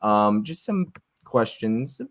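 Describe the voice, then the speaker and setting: A man's voice: lowish voice, expressive, slow pace. Chatty man hosting a live stream. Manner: friendly, chatty, frequent fillers and laughs. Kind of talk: casual live-stream chat, reading viewer comments aloud.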